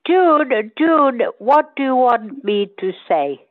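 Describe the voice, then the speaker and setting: An older woman talks very slowly and hesitantly, her pitch rising and falling a lot. She sounds chatty and confused. The call audio is dry and muffled. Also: lively intonation, no room sound. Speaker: drama group member. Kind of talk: casual group chat. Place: at home.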